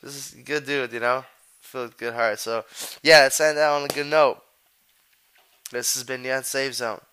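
A man's voice: mid-range voice, fairly even intonation, normal speed, sharp tone, a little hiss or hum. A man hosting a podcast, talking in loose, profane street slang and rambling from one thought to the next. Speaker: podcast host. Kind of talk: casual chat.

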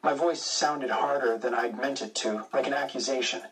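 A man reading a first-person adventure story aloud, with steady, measured narration. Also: mid-range voice, distant mic, poor audio. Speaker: audiobook narrator.

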